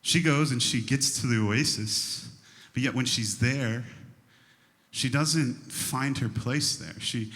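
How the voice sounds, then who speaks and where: A man in his thirties, a youth pastor, telling a funny story in his sermon, animated and laughing, leaping into high exaggerated voices for quotes. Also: takes it slowly. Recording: long hall reverb.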